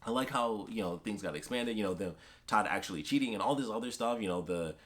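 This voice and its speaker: A young man chatting casually about a comic he read, rambling and excitable with many fillers and restarts. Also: fairly low pitch, quick pace. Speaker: comic book vlogger. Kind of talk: casual chat.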